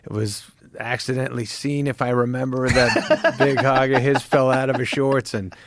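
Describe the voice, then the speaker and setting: A man's voice: mid-range voice, fairly even intonation, normal speed, heavy background noise. A middle-aged man in casual podcast chat, a laughing, swearing storyteller. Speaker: guest.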